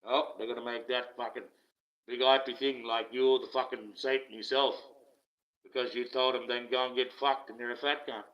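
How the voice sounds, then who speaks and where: A man's voice: mid-range voice, level tone, normal speed. An older man with an Australian accent, ranting casually and bitterly, swearing often and laughing wryly. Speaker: online streamer. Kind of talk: casual rant. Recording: slightly dull lo-fi audio.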